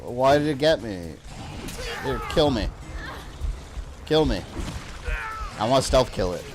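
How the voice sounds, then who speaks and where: A man's voice: medium pitch, animated, slow, noisy background. A man streaming a video game live, chatting casually with his viewers, rambling with lots of fillers and frequent laughs. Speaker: gaming streamer.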